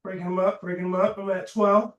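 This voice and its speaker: A man's voice: sits high, little pitch movement, muffled recording. A male fitness coach leading a live workout, counting reps aloud between short chatty asides, straining from the effort. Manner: slow, deliberate counting while exercising, with brief chatty asides. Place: indoor gym studio. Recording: echoey gym room.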